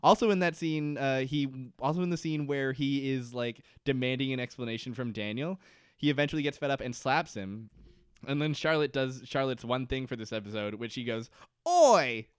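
A man's voice: mid-range voice, brisk, clean tone, no room sound, studio quality. A man co-hosting a podcast, casually recapping a TV episode and joking, slipping into silly voices to act out scenes. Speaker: podcast co-host. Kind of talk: casual comedic recap chat.

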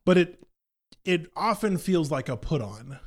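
A man's voice: on the high side, very animated. Wry, hesitant man chatting casually. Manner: wry, hesitant, drawn-out pauses. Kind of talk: casual chat.

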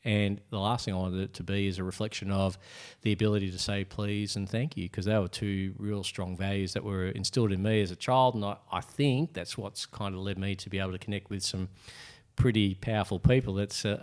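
Middle-aged man, low-ish, author recounting his book's road in conversation. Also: a little fast. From Australia. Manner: animated, acts out quoted voices. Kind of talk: casual interview storytelling.

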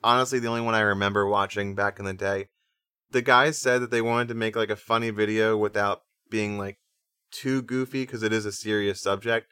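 A man co-hosting a music podcast, casually explaining things in a relaxed way. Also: fairly low pitch, a little fast, clean tone, dry recording, studio quality. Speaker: podcast co-host.

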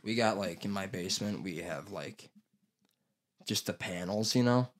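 A man's voice: deep voice, moderate pace. A young man telling a story in casual chat, rambling, swearing often and acting out what people said. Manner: rambling, swears a lot, acts out quotes.

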